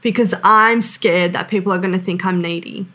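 A woman's voice: lowish voice, fairly even intonation, normal speed, sharp tone. A woman in her thirties, a sales coach, giving an earnest, emphatic motivational business talk full of "like". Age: 30s. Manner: earnest and emphatic, heavy use of "like".

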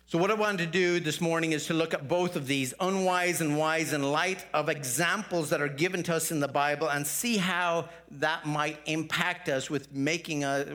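A man preaching a sermon in an earnest, conversational manner, often restarting his sentences. His voice sits slightly higher than most men's. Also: fairly bright tone. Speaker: pastor.

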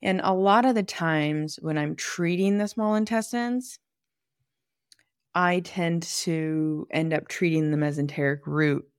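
A low-pitched woman hosts a podcast and walks through anatomy in a loose, conversational way, pausing to think aloud and tossing in asides. Her voice is close and completely dry, with no room sound around it. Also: clean tone, no room sound. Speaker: podcast host and manual therapist. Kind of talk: casual educational monologue.

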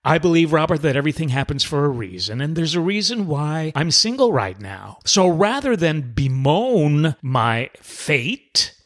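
A man's voice: a little high, big pitch swings, unhurried, hardly any pauses. A man voicing a cheerful, chatty single woman in middle age, who talks in a bubbly, upbeat way.

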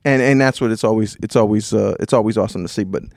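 A man chatting casually on a podcast, telling stories in an animated way, acting out quotes and swearing freely. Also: on the low side, fast talker, gravelly, no room sound, studio quality. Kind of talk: casual chat.

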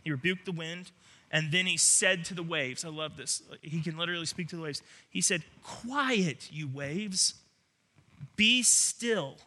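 A man's voice: fairly high pitch, steady tone, fairly quick, bright, forceful tone. A man preaching a sermon, earnest and emphatic, often restarting his words. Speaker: pastor.

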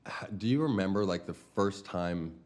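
A man's voice: sits low, darkish tone. A man hosting a casual interview, talking in slang with lots of fillers. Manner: slangy, rapid, full of fillers. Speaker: podcast host. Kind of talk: casual chat.

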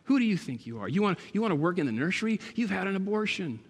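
A man's voice: high voice, very animated, fast talker, breathy edge, pitched above the performer's own voice, heavily acted. A man voicing a taunting inner voice of guilt that mocks and accuses with repeated questions. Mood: mocking. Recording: long hall reverb.

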